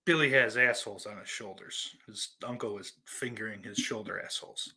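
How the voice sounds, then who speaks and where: A man hosting a podcast in casual live-stream chat, greeting viewers and rambling through profane, self-deprecating banter, with loud outbursts between muttered asides. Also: on the low side, brisk, few pauses, slightly rough. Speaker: podcast host.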